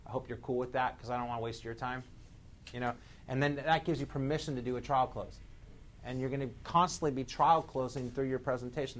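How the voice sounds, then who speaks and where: A man of middle pitch runs a live sales training session in front of a group. He talks with energy, keeps firing questions at the room, and pushes his pace and volume up or down to land each point. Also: a little fast. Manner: energetic, quizzes the audience, shifts speed and loudness for emphasis.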